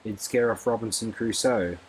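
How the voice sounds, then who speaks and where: A man's voice: lowish voice, moderate pace, a little hiss or hum, lightly acted. A man voicing a cheerful, good-natured young woman with a thick South London accent, chatty and breezy. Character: cheerful young Cockney girl in finery.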